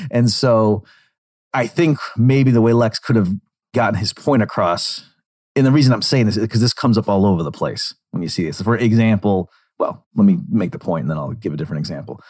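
A man's voice: lowish voice, fairly quick, darkish tone. A man giving digressive, explanatory commentary on interview clips. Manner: digressive, explanatory, acts out quotes.

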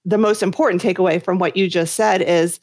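A woman's voice: fairly low pitch, steady tone, fairly quick, a little mellow, dry recording, studio quality. A woman speaking thoughtfully and reflectively in a podcast conversation.

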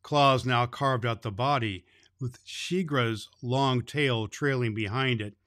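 A man reading a children's story aloud in character as Santa Claus, with gentle, measured narration. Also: mid-range voice.

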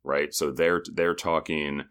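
A man's voice: rumbling low, level tone, fairly bright tone, clean tone. A man co-hosting a podcast, recapping episodes in a chatty, joking way. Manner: chatty, joking, does quick impressions of people. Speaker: podcast co-host. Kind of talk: casual recap chat.

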